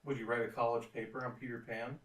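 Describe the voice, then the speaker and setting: A young man on a movie review podcast tells rambling, profane stories in a joking tone. His bright, forceful voice sits back from the mic. The room around him rings with echo. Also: medium pitch, little pitch movement, quick pace, far from the mic. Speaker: podcast co-host. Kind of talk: casual chat.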